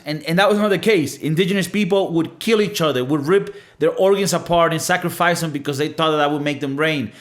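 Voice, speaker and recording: A man's voice: fairly high pitch, fairly quick, hardly any pauses. Blunt, cussing man from Venezuela. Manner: blunt, profane, emphatic with lots of fillers. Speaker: podcast host. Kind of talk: casual monologue.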